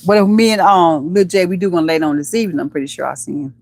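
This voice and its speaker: Chatty woman hosting a live stream. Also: fast. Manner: chatty and playful, calls viewers baby and honey, sudden high squeals. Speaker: livestream host. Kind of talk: casual live-stream chat with viewers.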